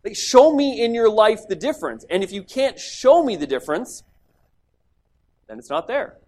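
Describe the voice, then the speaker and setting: A man's voice: sits high, sing-song, moderate pace, a little mellow. A man preaching a sermon that teaches on a scripture passage. He speaks emphatically, acts out quoted speech, and often repeats words as he starts a thought.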